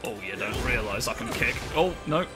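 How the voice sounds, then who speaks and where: A man riffing through a video game as a let's play host, his pitch bouncing in an animated way. He jokes, swears and laughs freely while game music plays behind him. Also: normal speed. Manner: excitable, joking, swears and laughs often. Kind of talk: casual gameplay commentary.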